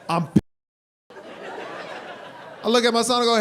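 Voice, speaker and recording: Animated, bright-voiced male stand-up comic. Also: very high voice, a little fast, pauses often, some chatter behind. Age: 40s. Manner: animated storytelling with loud, shouted impressions. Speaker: stand-up comedian. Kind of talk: stand-up comedy. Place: comedy stage before a live audience.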